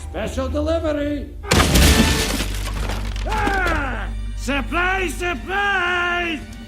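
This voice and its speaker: A man's voice: extremely high pitch, animated, drawn-out words, loud music behind the voice, heavily acted. An actor playing a crude, boastful obese henchman who bellows gross jokes.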